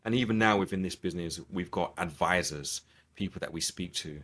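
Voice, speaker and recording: A man's voice: low-pitched, a little fast, a bit bright, husky. A man being interviewed on a podcast, talking earnestly and reflectively, often restarting his sentences. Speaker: podcast guest. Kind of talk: conversational interview.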